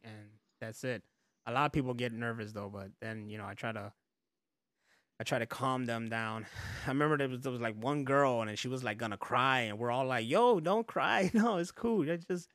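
A man's voice: mid-range voice, fairly even intonation, fairly quick, bright, forceful tone, dry recording, studio quality. A man hosting a podcast in loose casual chat, rambling, laughing often and swearing freely. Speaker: podcast host.

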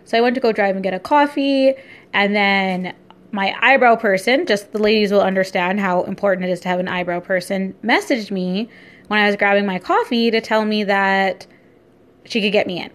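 A young woman vlogger and entrepreneur talking casually in a daily vlog, upbeat, chatty and easily excited. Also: mid-range voice, normal speed.

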